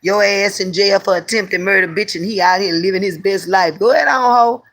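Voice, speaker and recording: A woman's voice: medium pitch, brisk, a bit bright, lightly acted. A woman voicing her blunt female best friend, who scolds her with profanity and warns her off. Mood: scolding.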